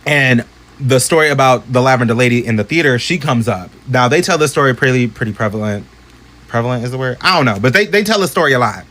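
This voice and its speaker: A man telling a spooky story to camera in an animated, chatty, profane way. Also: quick pace. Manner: animated, profane, chatty, swings into high voices for others.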